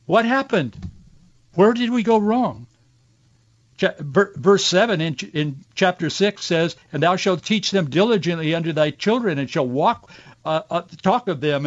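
A slightly high-voiced male radio talk host delivers impassioned Christian commentary, earnest, preachy, and emotionally pulling. The studio sound is dull and dry with no echo.

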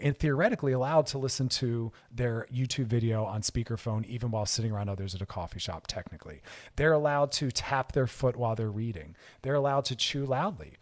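A man hosting a radio talk show, speaking earnestly and animatedly as he gives advice in a monologue. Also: mid-range voice. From California, United States.

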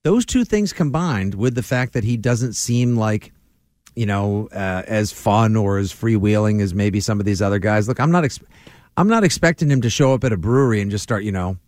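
A man's voice: lowish voice, moderate pace, no room sound, clean studio sound. A man, co-hosting a casual sports podcast and rambling with lots of fillers. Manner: rambling, animated, full of fillers. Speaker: podcast co-host.

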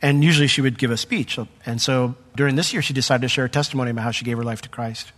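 Man preaching, middle-aged, mid-pitched voice, lively storytelling, soft in the personal parts. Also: very fast. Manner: animated storyteller, voice jumps up when acting out the crowd; drops to a soft, hushed tone for personal testimony. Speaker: pastor. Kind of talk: sermon.

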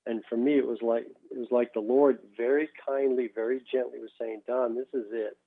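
A man, a former baseball pitcher, telling his faith testimony as a guest, halting and repeating words as he goes. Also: steady tone, gravelly, a little hiss or hum. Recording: tinny phone line.

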